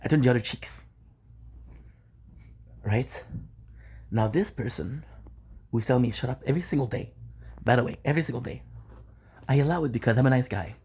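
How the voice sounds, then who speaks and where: Man, husky voice, emotional vlog rant, repetitive, on a balcony. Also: mid-range voice, fairly quick, long pauses, dark tone. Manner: upset, repetitive, swearing. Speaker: content creator. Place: home balcony.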